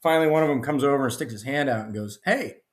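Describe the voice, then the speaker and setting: A middle-aged man, a guest author and retired army officer, telling stories in a lively, casual way. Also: medium pitch, rapid-fire. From United States. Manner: animated storyteller, acts out dialogue. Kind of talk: casual storytelling interview. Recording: roomy echo.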